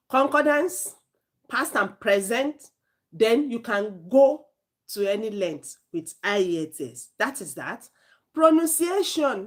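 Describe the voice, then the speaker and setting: A woman with a Nigerian accent giving an informal spoken lesson as an IELTS tutor, chatty and animated, often correcting herself mid-sentence. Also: a little high.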